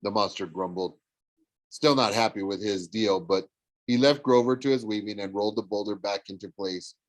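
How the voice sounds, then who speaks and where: A man reading a novel aloud, animated, with frequent slips and self-corrections. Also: lowish voice, moderate pace, no echo. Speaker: audiobook reader. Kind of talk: storybook read-aloud narration.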